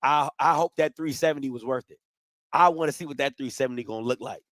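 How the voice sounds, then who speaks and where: A man's voice: medium pitch, fast talker, a bit bright, no room sound. A man hosting a casual sports talk show, trash-talking rival fans with lots of repetition and rhetorical questions. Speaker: podcast host.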